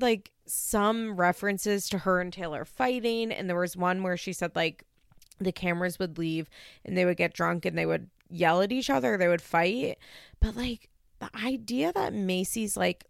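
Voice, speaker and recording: A woman's voice: medium pitch, vocal fry, dry recording, studio quality. A young woman hosting a solo podcast, talking casually and animatedly, full of "like" and incredulous asides. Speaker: podcast host. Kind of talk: solo podcast monologue recapping a reality show.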